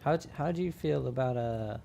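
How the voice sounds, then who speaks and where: A man's voice: medium pitch, a little fast, gravelly, dark tone, a little hiss or hum. A man playing a tabletop game who talks in character in a wry, hesitant way. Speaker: player. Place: home setup, live stream.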